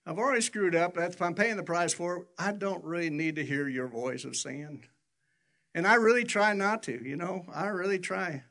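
Older guy preaching, storytelling, voice shoots up high when he quotes people. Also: normal speed, pushed and bright. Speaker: pastor. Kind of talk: sermon.

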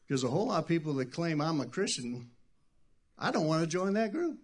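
Man, pastor, sermon, slightly high-pitched, conversational, swings from quiet to shouting. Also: sing-song, fairly quick. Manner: conversational preaching that swings from hushed to loud shouted bursts.

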